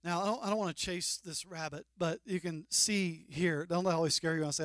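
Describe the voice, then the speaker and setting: A male pastor preaching a sermon, animated and joking with mock-incredulous asides. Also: a little high, brisk, no echo, studio quality.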